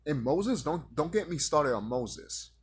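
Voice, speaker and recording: A man delivering a profane, confrontational rant straight at his audience, now and then mocking his critics in a higher voice. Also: lively intonation, measured pace, slightly rough. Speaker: vlogger ranting to camera.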